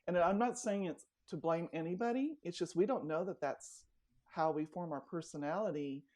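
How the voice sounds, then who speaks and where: A woman's voice: lowish voice, moderate pace. A middle-aged woman life coach telling stories in a casual interview, acting out the voices she quotes. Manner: animated storyteller, acts out quoted dialogue.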